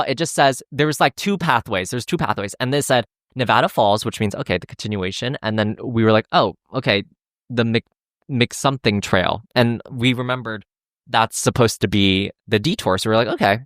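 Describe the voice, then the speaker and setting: A podcast host with a medium-pitched, brisk voice tells a hiking story in casual chat, animatedly acting out everyone's lines and swearing freely. The sound is clean studio audio with no echo.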